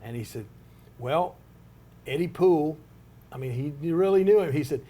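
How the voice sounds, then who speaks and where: A man's voice: on the high side, animated, normal speed, long pauses, dark tone. An older man, telling a long anecdote in an interview with many restarts and asides. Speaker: interview subject, retired wrestler. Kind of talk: storytelling in an interview.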